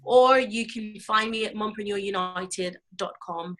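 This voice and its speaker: A woman from the UK talks as an interview guest. She sounds earnest and encouraging, with a few fillers, and speaks at a middling pitch. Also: unhurried, fairly bright tone, low-quality recording. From United Kingdom. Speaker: author and business mentor. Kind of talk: casual interview talk.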